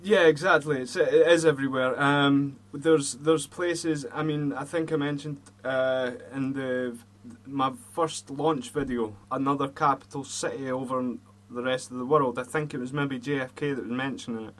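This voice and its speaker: A man's voice: medium pitch, fairly even intonation, moderate pace. A Scottish man hosting an online radio show, chatting bluntly and heatedly with plenty of swearing. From Scotland. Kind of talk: casual chat.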